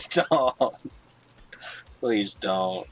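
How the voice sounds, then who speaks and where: A man's voice: lowish voice, expressive, extremely slow, fairly bright tone, slight background noise, low-quality recording. A man co-hosting a game stream, throwing in playful, needling quips. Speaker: co-host. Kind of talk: casual chat while streaming a game.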